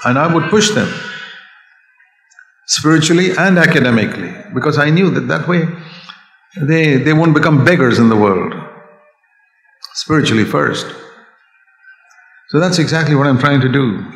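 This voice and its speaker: A man's voice: a little high, lively intonation, moderate pace, creaky, long pauses, slight background noise. Older man, preacher, earnest and emphatic, recorded with roomy hall echo. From India. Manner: earnest, rises to emphatic raised voice. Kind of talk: sermon. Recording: echoey hall sound.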